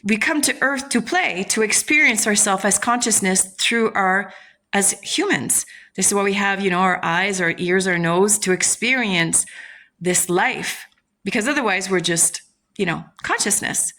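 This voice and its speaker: Woman, self-help host, casual motivational talk, blunt, swears, mid-pitched voice. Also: a little slow, sharp tone. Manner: frank, swears freely, acts out inner voices.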